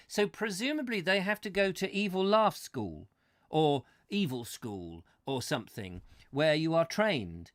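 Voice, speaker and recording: A man hosting a comic chat show, rambling and ranting excitably while reading out viewer comments. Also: fairly high pitch, a little slow, no room sound, clean studio sound.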